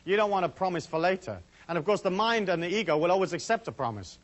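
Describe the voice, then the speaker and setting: A man's voice: sits high, expressive, quick pace. A man giving a casual lecture to a live audience, rambling and chatty with many asides. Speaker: seminar speaker.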